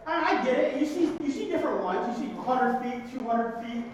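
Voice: mid-range voice, expressive, a little fast. A pastor giving a conversational sermon who keeps tagging points with "right?". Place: church sanctuary. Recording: distant, echoey hall recording with faint noise.

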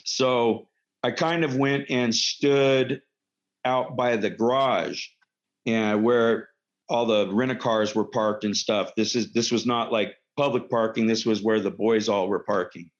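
A middle-aged former pro wrestler tells casual anecdotes in a lowish, steady, unhurried voice. He rambles, leaning on fillers and correcting himself often, and the recording sounds dull and lo-fi.

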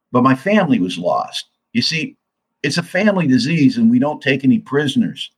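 A man's voice: medium pitch, breathy edge, rough recording. An older man giving an earnest, confessional talk about his own recovery. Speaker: recovery speaker. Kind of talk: personal testimony talk.

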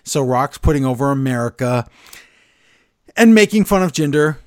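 A man's voice: mid-range voice, normal speed, no room sound, clean studio sound. A man co-hosting a casual wrestling podcast, eagerly retelling scenes and acting out quotes. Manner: excitable storyteller, recaps scenes and acts out quotes. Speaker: podcast co-host.

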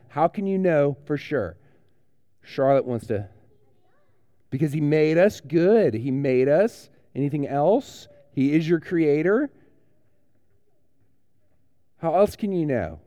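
A man's voice: on the high side, warm tone, no room sound, muffled recording. A man, a pastor giving a playful, joking children's sermon in a conversational way.

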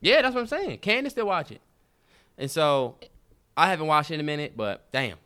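Dude cohosting, chill, plays devil's advocate, bright smooth voice. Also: male voice, on the high side, sing-song, a little fast. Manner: easygoing, playing devil's advocate. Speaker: podcast co-host. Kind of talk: casual chat.

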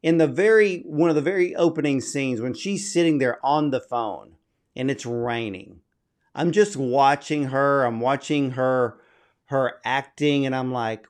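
A man hosts the interview, speaking slowly and deliberately. He is effusive and admiring as he asks his questions, at an ordinary middle pitch. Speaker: interviewer, host.

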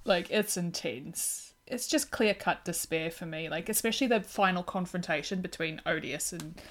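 A woman in casual conversation about a film, animated and quick to act out the characters' lines. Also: fairly low pitch. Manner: animated, acts out dialogue in quotes.

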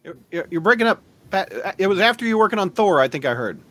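A man's voice: high-pitched, very animated, quick pace, fairly bright tone, no echo. A man hosting a video-call panel, upbeat and keeping the call moving. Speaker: host.

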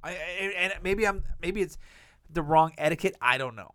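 Man, young adult, smooth resonant voice, dry close sound, profane rambling storyteller, casual podcast chat. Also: a little high, lively intonation, normal speed, a bit bright, dry recording. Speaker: podcast co-host.

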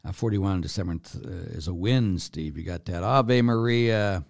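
An older man, a priest, answering viewer questions live, hushed and slow in reflection, then animated and laughing as he tells stories. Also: low-pitched. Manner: animated, laughs and gets loud telling stories. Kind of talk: live Q&A, reading viewer comments.

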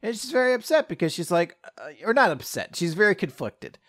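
A man's voice: high voice, sing-song, a little fast, fairly bright tone. Laughing, rambling man recapping a chapter. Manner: rambling, laughs often, acts out characters' lines. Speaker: podcast co-host. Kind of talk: casual chat recapping a manga chapter.

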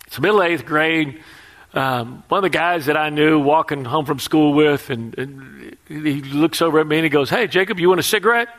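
Animated preacher man, slightly high voice. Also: normal speed. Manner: animated storytelling, asks audience questions. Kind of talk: sermon.

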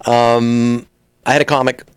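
Animated comedian, dry close sound. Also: male voice, mid-range voice, measured pace, clear, resonant tone, no echo. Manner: animated storyteller who slips into character voices. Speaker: comedian and voice actor. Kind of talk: casual interview chat.

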